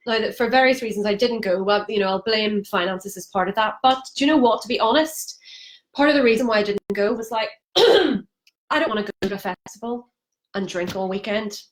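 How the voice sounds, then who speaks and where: A woman's voice: medium pitch, fairly bright tone, rough recording. Brief: woman, candid live-stream confessional, chatty and heartfelt, lots of ums. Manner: emotional, frank, chatty with many fillers. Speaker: vlogger sharing a sobriety challenge. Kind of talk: candid Facebook live monologue. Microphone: phone or webcam on a live stream.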